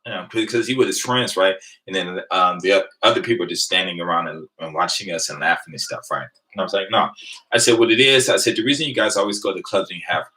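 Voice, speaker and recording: A man, casually telling a rambling, animated story to his live viewers and laughing along the way. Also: deep voice, quick pace, rough recording. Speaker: vlogger on a live stream.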